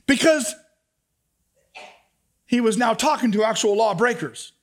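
A man preaching a sermon to a congregation, moving from soft asides to shouted emphasis and calling out questions to the room. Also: very high voice, unhurried. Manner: talks back and forth with the congregation. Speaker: pastor.

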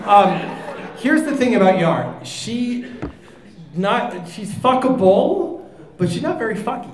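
A high-pitched man co-hosts a podcast in loose, crude banter. He rambles, swears freely and fills gaps with ums and laughs. His voice rings in an echoey room. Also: big pitch swings, slow. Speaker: podcast co-host.

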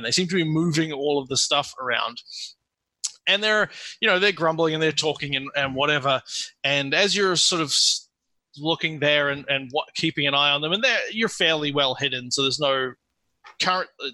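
A man's voice: a little high, bright, forceful tone, no echo, low-quality recording. A man narrating a tabletop game as game master, rambling a little and restarting his sentences. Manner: rambling, many restarts and fillers.

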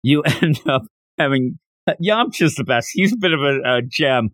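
A man's voice: mid-range voice, lively intonation, normal speed, a bit bright, no room sound. A man hosting a manga review podcast, chatting casually as he recaps the plot with wry jokes. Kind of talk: casual solo review chat.

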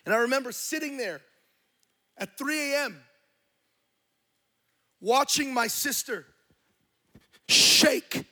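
High, bright-voiced preaching man. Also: lively intonation, unhurried, long pauses. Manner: impassioned storytelling with quoted dialogue; preaches to a live congregation. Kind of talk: sermon.

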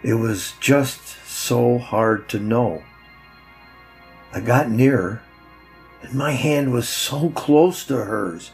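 A man narrating a story with a measured, reflective telling. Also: medium pitch, gravelly, a little mellow, soft background music, poor audio.

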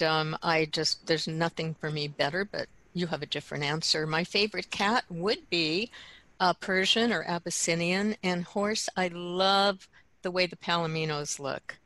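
A woman co-hosting a casual chat show, talking in a relaxed way with soft laughs and fillers. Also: low-pitched, rough recording. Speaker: co-host.

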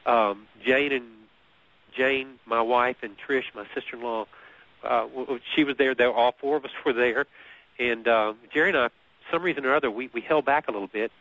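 A man's voice: medium pitch, moderate pace. Man telling a story, muffled radio sound. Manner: animated storyteller who often repeats words and laughs at his own story. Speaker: guest. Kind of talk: conversational storytelling.

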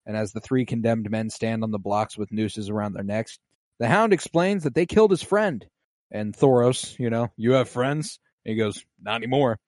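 A man co-hosting a podcast, recapping a show in casual chat and acting out quotes with big jumps in pitch. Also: moderate pace, darkish tone, no room sound, clean studio sound. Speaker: podcast co-host.

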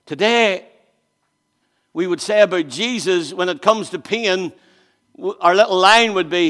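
A man preaching a sermon, swinging between loud emphasis and hushed, slow phrases as he reads scripture aloud. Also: high-pitched, in a large hall.

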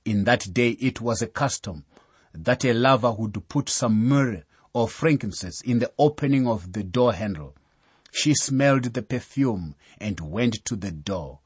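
Slow, husky-voiced male preacher. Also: medium pitch, lively intonation, dry recording. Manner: measured storytelling, reads scripture aloud. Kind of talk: sermon-style Bible teaching.

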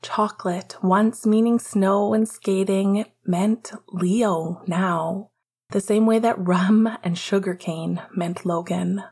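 Woman whispering slow story narration. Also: mid-range voice, fairly even intonation, a little mellow, slightly rough. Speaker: audiobook reader.

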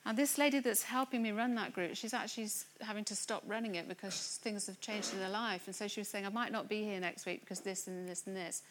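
A woman preaching a sermon to a church congregation, earnest and building to excited emphasis. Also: medium pitch, fast talker, few pauses, a little hiss or hum. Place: church gathering room.

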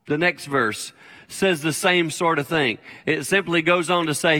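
A man's voice: high-pitched, animated, moderate pace, pushed and bright. An older man preaching a sermon as a pastor, conversational and plain-spoken, repeating his key phrases. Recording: long hall reverb.

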